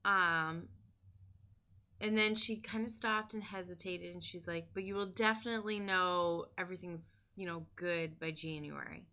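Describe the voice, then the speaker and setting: A woman vlogger talks candidly in a casual diary style, filling gaps with "um" and "like." Her voice is a little low, with a bright, forceful edge. The recording sounds dull and lo-fi.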